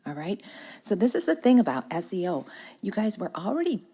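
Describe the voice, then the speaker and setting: A woman's voice: medium pitch, sing-song, a little fast, dark tone, husky. A woman, hosting a casual podcast from a corner of her home, upbeat and chatty with frequent laughs. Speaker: podcast host and business coach.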